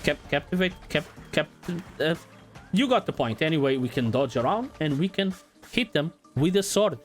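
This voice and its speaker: A man's voice: fairly high pitch, normal speed. Guy chatting over a game, laid back and jokey, swears a bit, faint music behind. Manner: relaxed, playful, swears casually. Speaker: gaming channel host. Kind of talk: casual let's-play commentary.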